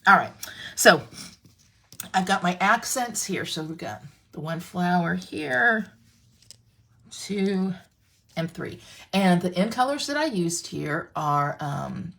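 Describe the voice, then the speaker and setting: A woman's voice: lowish voice, animated, slow, vocal fry, long pauses, fairly bright tone. Chatty woman demonstrating a craft project. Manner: chatty, self-interrupting, talks to viewers. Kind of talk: live crafting tutorial.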